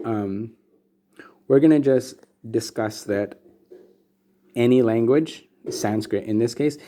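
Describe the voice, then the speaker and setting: A man explaining Sanskrit script and meter as a teacher, relaxed and casual, with many pauses and fillers. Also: mid-range voice. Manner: relaxed, many ums and restarts. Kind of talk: explanatory lesson with slides.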